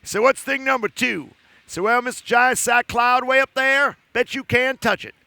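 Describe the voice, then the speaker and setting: A man's voice: extremely high pitch, steady tone, moderate pace, pushed and bright, no room sound. A man telling a story live to children at an outdoor park event, playful and silly, talking to the kids as he goes.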